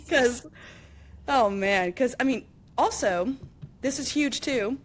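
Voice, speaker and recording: A woman in her thirties hosting a podcast, chatting casually and telling animated stories with acted-out quotes and frequent laughter. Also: sits high, slow. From upstate New York. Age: 30s. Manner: animated storyteller, acts out quotes, laughs often. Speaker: podcast host. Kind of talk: casual chat.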